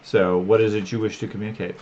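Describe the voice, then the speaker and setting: A man narrating as game master for a tabletop role-playing game, describing scenes in a relaxed, unhurried way. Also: fairly low pitch, lo-fi sound, a little hiss or hum.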